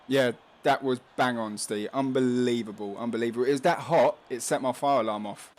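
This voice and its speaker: A man's voice: medium pitch, brisk, slight background noise. Chatty, laughing man hosting a race stream. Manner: chatty, laughs often, reads chat messages aloud. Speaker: stream host. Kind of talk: casual live-stream commentary.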